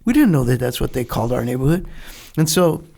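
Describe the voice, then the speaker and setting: An older man, a retired Navy veteran, telling a lively story in a podcast interview, acting out the dialogue and laughing often. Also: mid-range voice, fast talker, vocal fry. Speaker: guest, retired Navy SEAL.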